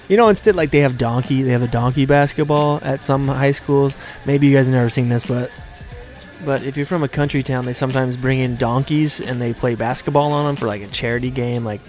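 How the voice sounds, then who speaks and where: Rambling man with crude jokes. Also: medium pitch. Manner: rambling, crude, joking, off the cuff. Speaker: podcast host. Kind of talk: solo rambling podcast talk. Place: hospital room.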